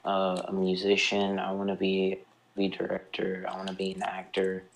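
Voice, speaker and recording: A man's voice: deep voice, monotone, moderate pace, creaky. A young man in a casual chat with friends, hesitant, restarting and repeating his words. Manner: hesitant, repeats himself, trails off.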